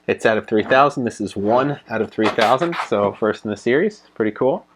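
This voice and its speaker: A man giving a casual unboxing review of a collectible statue, relaxed and full of ums and uhs as he handles it. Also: on the low side, fairly quick, very noisy. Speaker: toy reviewer.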